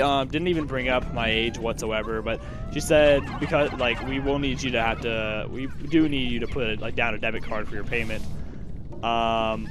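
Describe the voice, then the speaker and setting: A man's voice: medium pitch, noisy background. An eighteen-year-old man giving casual let's-play commentary, rambling with lots of fillers and restarts. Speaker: gaming channel host.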